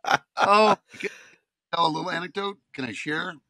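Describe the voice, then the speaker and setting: A man's voice: on the high side, brisk. A man in his fifties, an actor and podcast guest, telling stories in casual chat and getting worked up as he goes. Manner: animated storyteller, gets worked up.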